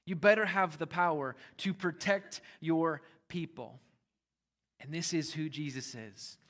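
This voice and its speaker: A man with a fairly high voice preaches a sermon as the pastor. He talks in an easy, conversational way, leaning hard into key words and then dropping to a hush. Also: unhurried. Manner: conversational preaching with emphatic rises and quiet drops.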